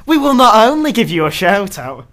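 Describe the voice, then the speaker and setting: A young man co-hosts a casual podcast in a high, bright voice, very animated and at normal speed. He's jokey and self-mocking, often laughing at his own lines.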